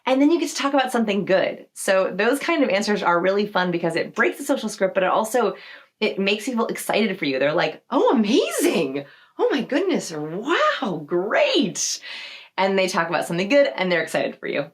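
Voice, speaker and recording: Woman, tutorial host, playful, acts out replies, very lively pitch, mid-range voice. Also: quick pace. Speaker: social skills video host. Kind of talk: upbeat tutorial talk to camera.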